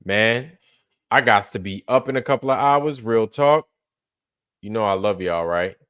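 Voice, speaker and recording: A man's voice: on the low side, a little slow, fairly bright tone, clean tone. A man hosting a late-night livestream, rambling loosely, swearing freely and repeating himself as he trails off. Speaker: livestream host.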